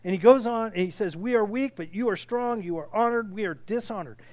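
A man preaching a sermon with impassioned delivery, often restarting phrases and building to loud peaks. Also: high-pitched, fairly quick. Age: older. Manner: impassioned, rising to near shouting, with frequent restarts. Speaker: pastor.

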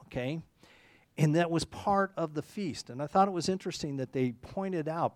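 A man's voice: a little high, no room sound. A man preaching a conversational sermon, rambling and correcting himself, often checking in with "okay?". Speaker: pastor.

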